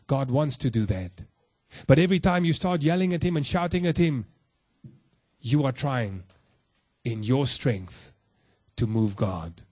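Man, preacher, sermon, earnest, direct questions to the listeners, slow emphatic phrasing, dry close recording. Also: animated, dry recording. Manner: slow emphatic phrasing with soft low drops. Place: room with a congregation.

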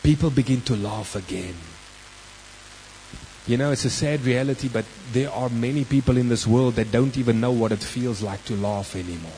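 South African preacher, mid-pitched, conversational storyteller who stretches key words for weight. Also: male voice, moderate pace, dark tone, slight background noise, low-quality recording. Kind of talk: sermon with personal storytelling.

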